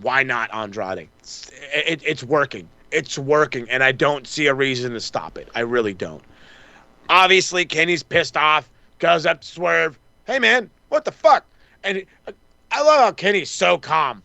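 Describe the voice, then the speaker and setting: A man's voice: fairly high pitch, animated, normal speed, gravelly, sharp tone, no echo. A man co-hosting a wrestling podcast, rambling through a casual recap, swearing freely and acting out the wrestlers' lines. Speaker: podcast co-host.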